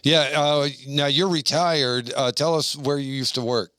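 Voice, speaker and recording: Smooth-voiced male podcast host. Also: medium pitch, fairly even intonation, unhurried, fairly bright tone, no echo. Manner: chatty, rambling with many fillers. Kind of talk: casual podcast conversation.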